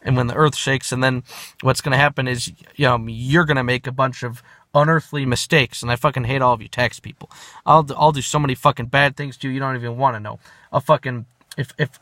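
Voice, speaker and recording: Profane, ranting man, bright and dry. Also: medium pitch, no room sound. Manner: profane, ranting, rambling with rhymes. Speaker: rapper ranting to his channel. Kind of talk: angry freestyle rant.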